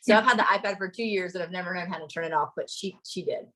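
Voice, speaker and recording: A woman's voice: lowish voice, fast talker, fairly bright tone. A woman co-hosting a casual chat from a home, bubbly and giggly, recorded on a tablet. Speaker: co-host. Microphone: iPad.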